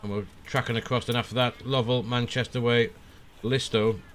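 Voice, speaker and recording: A relaxed man on a live stream talks through his flight planning, pausing and thinking aloud as he goes. His voice sits at an everyday middle pitch. A faint hiss of noise runs under it. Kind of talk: casual live-stream commentary.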